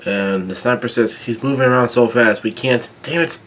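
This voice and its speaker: A man reading a comic chapter aloud, stumbling, restarting words and filling pauses with ums. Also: medium pitch, fairly bright tone, slight background noise. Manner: halting, with frequent restarts and ums. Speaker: manga chapter reader.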